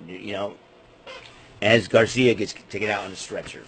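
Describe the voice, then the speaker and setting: Husky man ranting through a recap. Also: on the low side, a little fast. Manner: rambling, name-calling rants. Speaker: wrestling show recapper. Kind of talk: casual recap monologue.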